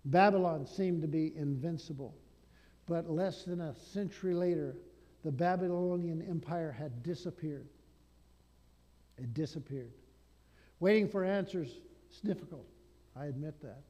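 A male pastor preaching a sermon, swinging between loud declarations and hushed asides. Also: fairly high pitch, a little slow, pauses often, big-room sound.

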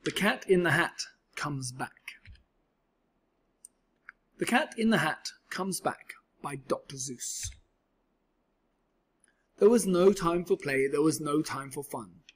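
Husky man reading a rhyming kids' book. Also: fairly high pitch, takes it slowly, long pauses. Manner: rhythmic, expressive. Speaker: storyteller. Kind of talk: reading a children's book aloud.

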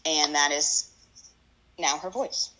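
A woman co-hosting a casual chat, animated and acting out quotes in voices. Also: sits low, slow, poor audio. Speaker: podcast co-host. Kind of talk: casual chat about a reality show.

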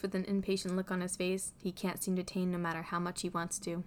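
Brief: woman narrator, slightly low voice, calm, even audiobook reading. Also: fast, few pauses. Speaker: reader. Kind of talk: fan fiction audiobook narration.

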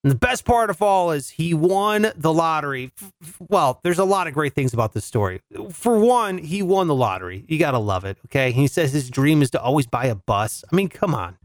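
Animated joking man riffing on news. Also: fairly high pitch, fairly quick, dry recording, studio quality. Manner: animated, joking, laughs between lines.

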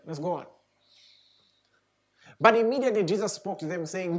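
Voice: mid-range voice, fast talker, long pauses. A preacher giving a sermon, reading scripture aloud and then commenting on it with emphatic, repeated rhetorical questions.

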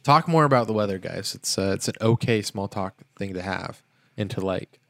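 Gravelly low-voiced man, chatty co-host. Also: expressive, normal speed, fairly bright tone, no echo. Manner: rambling, chatty, hedges with "like". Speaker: podcast co-host. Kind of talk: casual podcast chat.

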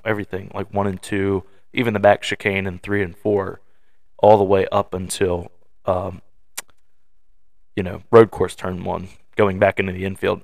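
Casting: young male podcast co-host, lower-pitched, rambling storyteller, dry studio sound. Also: vocal fry, no room sound. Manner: storytelling, acting out quoted voices; loose, filler-heavy delivery. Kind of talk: casual chat.

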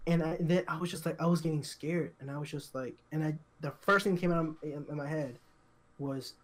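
A young man co-hosting a podcast, telling a story in casual chat, halting and repetitive, full of fillers and restarts. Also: fairly high pitch. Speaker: podcast co-host.

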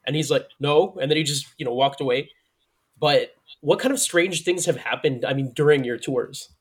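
A man's voice: medium pitch, slightly rough. A man interviewing a guest in casual chat, asking questions with many fillers and repeats. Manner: laughs often, halting questions with fillers.

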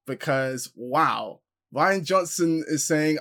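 A man co-hosting a film podcast, talking as an eager, animated fan who is excited about upcoming films. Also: mid-range voice, normal speed. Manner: enthusiastic, animated fan gushing. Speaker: podcast co-host. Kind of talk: casual film podcast chat.

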